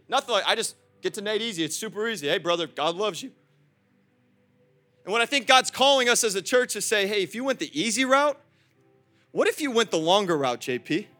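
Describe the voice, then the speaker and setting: Young male pastor, sermon, high voice, bright and forceful, swings between loud calls and soft asides, faint music behind. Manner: acts out quoted voices, chats with the congregation.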